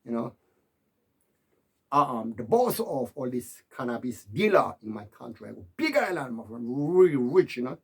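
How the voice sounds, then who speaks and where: A man's voice: mid-range voice, big pitch swings, moderate pace, creaky, breathy edge, heavily acted. A man voicing a boastful rich man who coaxes a woman, bragging about his wealth. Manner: bragging, coaxing.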